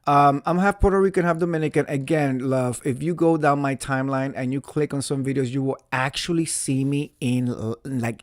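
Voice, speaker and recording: A man's voice: medium pitch, normal speed, hardly any pauses, no room sound, clean studio sound. A man from New City, chatting casually on a live stream and answering viewers. He talks in a theatrical way and repeats phrases for emphasis. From New York City.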